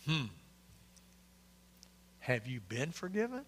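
A man's voice: fairly high pitch, expressive, normal speed, sharp tone, in a large hall. A male pastor, preaching an interactive, joking sermon and questioning his congregation. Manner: conversational, quizzing the congregation, joking asides. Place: church sanctuary.

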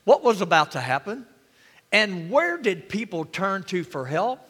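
A man's voice: sits high, very animated, a little slow, fairly bright tone, slightly rough, big-room sound. A man pastor preaching a sermon in a church, full of rhetorical questions and calls for amen.

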